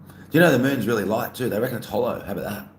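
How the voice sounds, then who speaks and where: A man's voice: mid-range voice, racing. A man casually chatting to his live-stream chat, playful and reading messages aloud. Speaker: livestreamer. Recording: echoey room, faint ambient noise.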